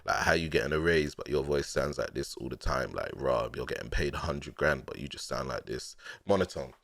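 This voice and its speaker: Deep-voiced London man, lively and slangy. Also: brisk, creaky, no room sound, studio quality. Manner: laid-back and slangy, laughing often, with sudden excited bursts. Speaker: rapper explaining his own lyrics. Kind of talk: casual reaction breakdown.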